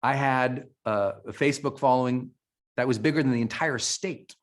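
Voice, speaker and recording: Speaking at normal speed with a medium-pitched voice, this middle-aged Montana man gives a keynote to a live audience. His motivational speech is emotional and emphatic, and he frequently starts his sentences over.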